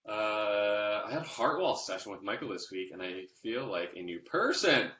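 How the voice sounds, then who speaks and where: A man with a low voice and a crisp, forceful edge reads out viewer comments on a live stream. He mostly adds short agreements. His audio sounds roomy and muffled, with faint hiss. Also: big pitch swings, moderate pace. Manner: brief affirmations, reads out comments. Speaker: co-host reading viewer comments. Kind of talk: casual chat on a live stream.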